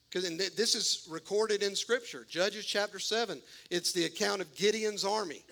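A man delivers a sermon in a folksy, animated way, slipping into the voices of the people in his story. His voice sits high and sounds bright and gravelly, with a bit of fry. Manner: animated, folksy, acts out voices of biblical figures. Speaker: pastor.

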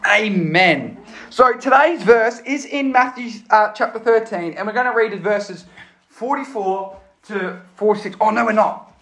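A young man preaching to a youth group, reading scripture and praying in a casual, energetic way with frequent self-corrections. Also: high voice, moderate pace. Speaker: youth pastor. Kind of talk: live youth sermon with Bible reading and prayer. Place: church youth hall. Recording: roomy live church hall.

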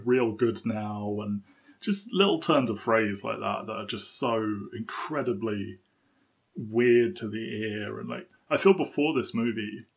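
A man talks through a film on his podcast, rambling and chatty, with frequent laughs. His voice sits on the low side. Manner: chatty, laughs often, many fillers. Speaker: podcast co-host. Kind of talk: casual film discussion.

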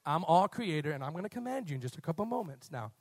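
A man preaching, voicing God as the creator commanding a great fish in a slow, deep, commanding tone. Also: very animated, no echo.

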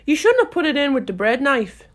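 A woman's voice: high voice, big pitch swings, brisk, voice pushed up. A woman voicing a blunt, contrary male hatter in a storybook reading.

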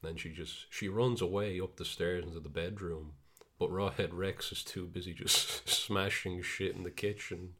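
A man's voice: low voice, steady tone, normal speed, pushed and bright, breathy edge. A man co-hosting a podcast, chatting casually and wryly retelling scenes from a film. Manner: laid-back, wry storytelling. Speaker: podcast co-host. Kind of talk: casual chat reviewing a film.

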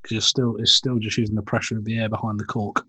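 A man's voice: fairly low pitch, little pitch movement, fast, pushed and bright, breathy edge, no room sound. A man co-hosting a casual podcast, asking questions and explaining things steadily. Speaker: podcast co-host.

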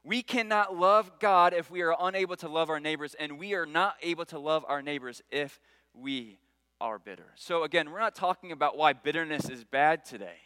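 Earnest man preaching, bright voice. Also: a little high, moderate pace, clear, resonant tone, dry recording, rough recording. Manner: earnest, repeats key phrases, rises for quoted prayers. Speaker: pastor. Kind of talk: sermon.

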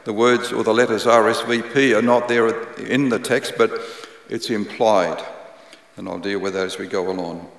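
A man preaching a sermon, praying and reading scripture in a measured, earnest way, repeating key phrases. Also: lowish voice, fairly even intonation. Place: church hall. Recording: echoey church hall with long reverb.

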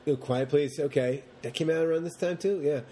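A man co-hosting a podcast, chatting casually about movies in long, animated rants and mocking the characters as he goes. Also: a little high, a little fast. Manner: rambling, animated rants with mocking put-on quotes. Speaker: podcast co-host.

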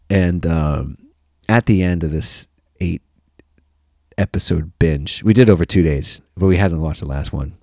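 Low-voiced guy telling a funny story, voice jumps all over, laughs a lot, dry close sound. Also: normal speed, dry recording. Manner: animated, laughing often, mock-deadpan asides. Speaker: podcast host. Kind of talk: comic storytelling.

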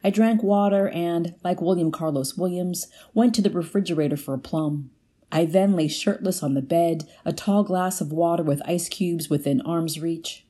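A woman reading a first-person literary piece aloud at a measured pace, lifting her pitch for the quoted lines. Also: mellow. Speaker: guest reader.

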